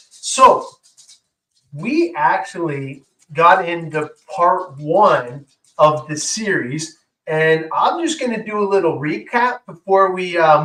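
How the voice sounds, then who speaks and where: An enthusiastic man talks his way through a hands-on demo, full of fillers and chatty asides. His voice sits a little high and comes from some distance off the mic, with a noticeable room echo around it. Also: bright, forceful tone. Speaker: co-host. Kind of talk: casual show-and-tell demo. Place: indoor workshop room. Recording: roomy echo, far from mic.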